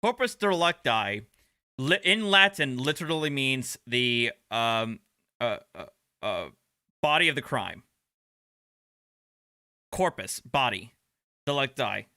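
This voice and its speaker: A man's voice: mid-range voice, lively intonation, takes it slowly, long pauses, bright, forceful tone, dry recording, studio quality. A man streaming reaction commentary over court footage, sarcastic and profane, talking back at the clip. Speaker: livestream commentator.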